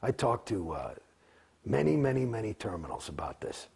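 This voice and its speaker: Interviewee, male, profane and rambling, husky and croaky voice. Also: sing-song, moderate pace. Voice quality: gravelly, husky voice. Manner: profane, heated, rambling, swearing often. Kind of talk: candid interview, profane and emphatic. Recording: quiet, low-volume recording.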